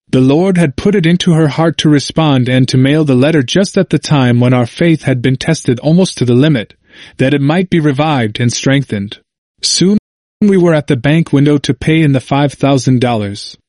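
A man reading a historical book aloud in a measured, even narration. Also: a little high, no room sound, clean studio sound. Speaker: audiobook reader.

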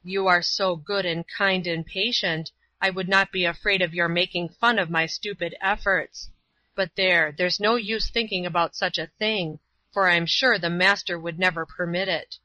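A woman's voice: fairly low pitch, steady tone, normal speed, pushed and bright, no room sound. Woman reading as a humble old workman. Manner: plain, pleading, self-deprecating. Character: rough older male workman, humble and earnest. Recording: dull lo-fi recording.

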